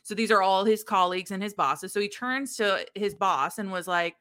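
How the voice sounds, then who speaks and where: Young woman, podcast co-host, bright voice, animated storytelling. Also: mid-range voice, normal speed, few pauses, clean tone. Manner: animated storyteller, acts out quotes. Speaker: podcast co-host recapping a book. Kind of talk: casual chat.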